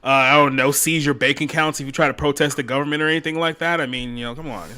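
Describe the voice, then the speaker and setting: Man, podcast panelist, bright tense tone, slightly high pitch, sarcastic deadpan. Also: fast, smooth. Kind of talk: casual panel chat.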